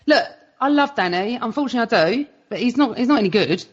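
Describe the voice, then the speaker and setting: A woman, a guest on a podcast, talking in an animated way and ranting with plenty of swearing. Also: fairly high pitch, fast, slightly rough, lo-fi sound. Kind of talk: casual podcast chat.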